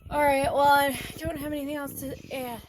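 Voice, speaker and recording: A woman's voice: high-pitched, level tone, brisk, slight background noise. A woman vlogging at home, chatting casually and rambling aloud to herself as she goes about her day. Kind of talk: casual chat. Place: at home indoors.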